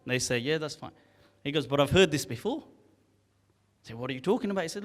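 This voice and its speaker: A man tells a story in a relaxed, conversational way and slips into the voices of its characters. His voice sits somewhat high for a man. The sound carries a long reverb, as if recorded in a large hall. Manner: animated, acts out the characters' lines; recites classical Arabic poetry rapidly and rhythmically. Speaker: Islamic scholar telling a story. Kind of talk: casual storytelling talk.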